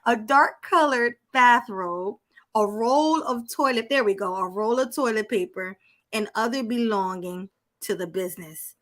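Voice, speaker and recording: Bright-voiced woman podcast co-host. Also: a little high, unhurried. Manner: laughs often, blunt and sassy. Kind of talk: reading news aloud and casual chat.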